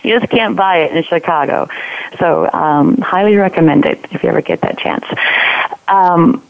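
Gravelly woman on a tinny phone line. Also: lowish voice. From Newfoundland, Canada. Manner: measured, with many ums and restarts. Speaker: guest consultant. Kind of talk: panel guest on call-in radio.

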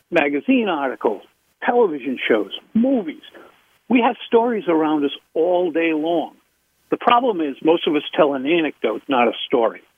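A man, a public speaking coach, talking in an interview with emphatic, animated leaps in pitch. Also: husky. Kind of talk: interview talk. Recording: tinny phone line.

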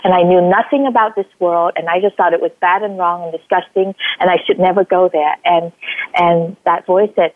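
A woman from Vietnam, a life coach, telling her story in a casual interview and acting out quoted lines in a much higher voice. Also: steady tone, normal speed, no room sound. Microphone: phone call. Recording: tinny phone line.

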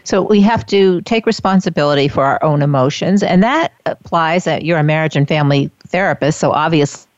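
A woman's voice: low-pitched, a little fast, hardly any pauses, no room sound. A woman hosting a casual radio interview, thinking aloud with fillers and restarts. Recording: dull lo-fi radio sound.

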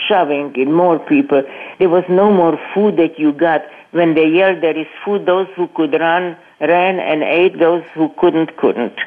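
An older woman, a guest on a radio interview, telling her life story in a halting, earnest way, repeating words and restarting sentences. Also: sits low. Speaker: guest, Holocaust survivor speaking to students. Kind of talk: personal testimony in a radio interview. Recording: tinny phone-line radio audio.

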